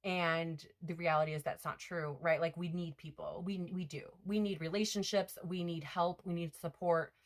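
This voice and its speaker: A woman's voice: on the low side, steady tone, moderate pace, few pauses. Rambling woman giving a card reading. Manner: rambling, lots of fillers and self-corrections. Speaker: tarot reader. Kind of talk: casual spiritual card reading.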